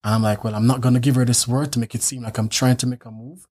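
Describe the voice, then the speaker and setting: Man, casual faith testimony, lively storyteller, acts out quoted lines. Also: mid-range voice, quick pace, breathy edge. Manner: animated storyteller acting out quotes. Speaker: husband telling their story.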